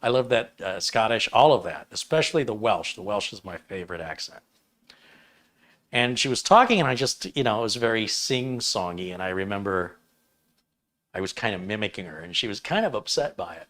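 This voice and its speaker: A man's voice: fairly low pitch, expressive, a little fast, a bit bright. A man in his fifties hosting a casual livestream chat, rambling and joking at his own expense. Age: 50s. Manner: rambling, self-deprecating, jokey. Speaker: livestream host.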